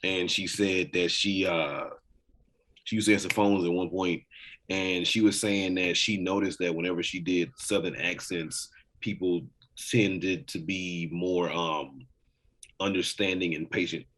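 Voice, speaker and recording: A man's voice: low voice, fairly even intonation, a little slow, a bit bright. A man co-hosting a podcast in casual, rambling chat, swearing freely. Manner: rambling, profane, full of fillers. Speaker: podcast co-host.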